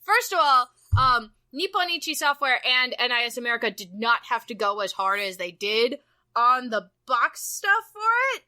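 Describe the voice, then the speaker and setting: A young woman co-hosting a casual podcast chat, gushing and squealing with excitement, swearing freely. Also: on the high side, normal speed. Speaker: podcast co-host.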